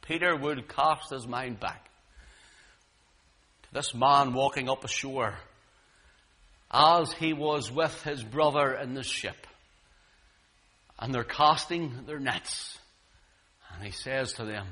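A man preaching a sermon, swinging dramatically between booming lines and hushed ones. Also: slow pace, pauses often.

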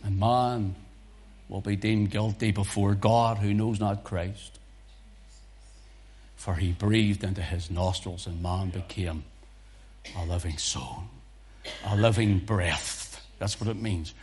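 A man preaching a sermon at a slow, deliberate pace. His voice sits in a middle register and drops to breathy near-whispers before rising to fervent, loud exhortation. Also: fairly low pitch, fairly even intonation.

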